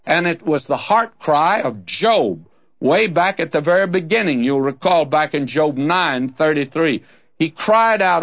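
A man's voice: a little high, lively intonation, unhurried, fairly bright tone, lo-fi sound. A man teaching through a Bible passage in an earnest, conversational preaching manner, speaking straight to the listener.

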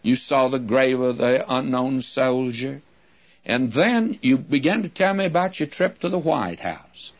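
A man preaching a sermon-style Bible lesson, measured and explanatory, calling his listeners friends. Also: mid-range voice, lively intonation. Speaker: Bible teacher. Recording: dull lo-fi recording.

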